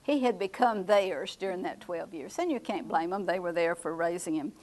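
A woman's voice: on the low side, moderate pace, darkish tone, rough recording. An older woman leading a Bible study class in a conversational way, repeating her students' answers and often chuckling. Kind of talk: Bible class teaching with questions.

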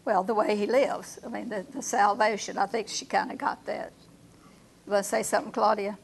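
A woman leading a Bible study class, reading verses slowly and asking her group questions. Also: mid-range voice, flat delivery, vocal fry, a little hiss or hum.

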